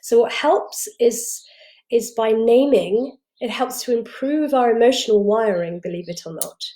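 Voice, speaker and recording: A woman's voice: fairly high pitch, unhurried, mellow. A woman coaching parents, explaining things reassuringly and often restarting her phrases. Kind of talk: explanatory talk to camera.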